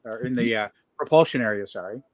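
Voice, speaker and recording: A man's voice: mid-range voice, fast, no echo. Man, livestream host, mid voice, joking, hesitant, dry sound. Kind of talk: casual chat on a livestream.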